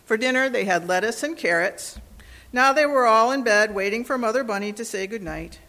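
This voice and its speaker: Woman, children's story read-aloud, gentle, very lively melody. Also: on the high side, a little fast. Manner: expressive, gentle.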